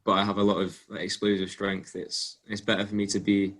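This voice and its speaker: A young man from England speaks as a guest in a casual interview. His voice sits somewhat low and stays fairly flat in pitch. He tells stories in a relaxed way, with plenty of ums and small restarts. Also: brisk. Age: young adult. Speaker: guest athlete.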